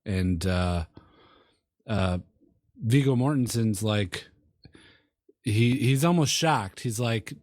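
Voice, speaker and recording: A man co-hosting a movie review podcast, retelling film scenes in a halting way with lots of ums and uhs. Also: lowish voice, expressive, darkish tone, no room sound, studio quality. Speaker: podcast co-host. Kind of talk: casual movie review chat.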